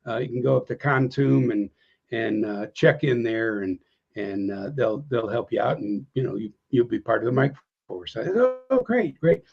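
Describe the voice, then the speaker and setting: A man's voice: moderate pace, creaky, breathy edge, faint music behind. An older American man telling war stories in an interview, rambling with many fillers and restarts, and raising his voice when he acts out old conversations. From United States. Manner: acts out quoted dialogue with lifted pitch. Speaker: interview guest, veteran. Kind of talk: casual storytelling. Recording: dull lo-fi audio.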